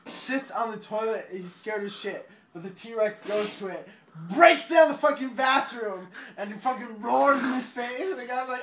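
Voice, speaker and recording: A drunk man rambling through a movie plot, swearing often, laughing and breaking into sudden loud outbursts. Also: high voice. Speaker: storyteller.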